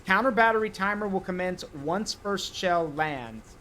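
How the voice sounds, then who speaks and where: A man's voice: high voice, expressive, unhurried, pushed and bright, a little hiss or hum, exaggerated voice, poor audio. A man voicing a curt male military commander issuing clipped, formal orders in a game briefing. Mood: stern.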